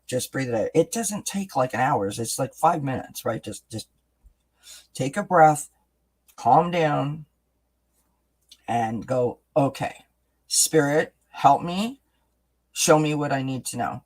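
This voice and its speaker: Gentle, chatty man giving a card reading. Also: medium pitch. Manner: gentle, chatty, reassuring, many "right?" and "you know" tags. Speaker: oracle card reader and host. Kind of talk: live-stream spiritual reading, answering chat.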